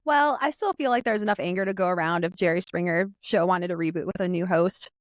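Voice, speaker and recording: A woman's voice: on the low side, fast, no room sound. A woman co-hosting a podcast, chatting casually and laughing easily along with her co-host. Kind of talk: casual chat.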